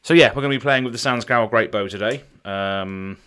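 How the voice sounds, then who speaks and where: A man with a fairly low voice talks loosely to his stream audience. He wanders through his thoughts with plenty of ums and repeated words. He sounds close to a desk mic. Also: fairly quick, a bit bright, smooth. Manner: rambling, with frequent ums and restarts. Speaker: game streamer. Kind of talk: casual live-stream chat.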